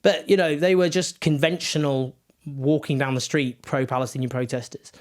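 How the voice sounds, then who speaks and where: A man's voice: fairly high pitch, fairly even intonation, normal speed. A man giving impassioned, indignant political commentary with sarcastic asides.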